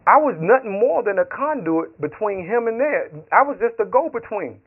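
A man preaching a sermon in a slightly high voice, moving from Bible reading into stories full of acted-out quotes. The sound is thin and tinny, as if carried over a phone line. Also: lively intonation, normal speed, slightly rough. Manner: storytelling with acted quotes and laughter.

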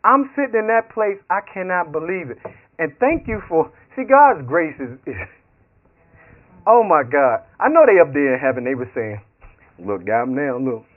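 A high-pitched male preacher, animated and laughing through a story. Tinny, phone-like radio sound. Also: moderate pace. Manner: animated, laughing often, acts out dialogue. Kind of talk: sermon storytelling.

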